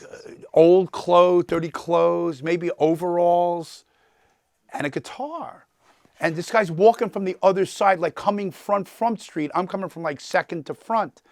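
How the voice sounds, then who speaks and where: List: man, 60s, New York accent, gravelly, slightly high voice, chatty lecturer, dry close sound. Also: no echo. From New York, the Bronx. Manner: talkative, animated, quizzes the audience. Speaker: guest lecturer, entertainment attorney. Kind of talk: storytelling lecture to a class.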